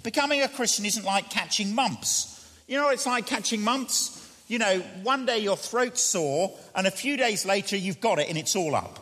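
A man preaches an earnest sermon, talking like he's chatting with the crowd. His voice is fairly high and swings widely in pitch. It rings out with a long reverb, as in a large hall. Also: lively intonation, bright, forceful tone. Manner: earnest, conversational, dropping low and slow for prayer. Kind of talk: evangelistic sermon.

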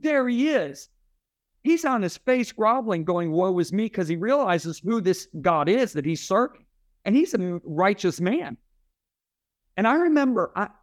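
A middle-aged man with a fairly high voice recounts a story as an interview guest. He talks emphatically, like a preacher, and slips into the voices of the people he quotes. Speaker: interview guest, Christian author and speaker. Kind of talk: animated storytelling.

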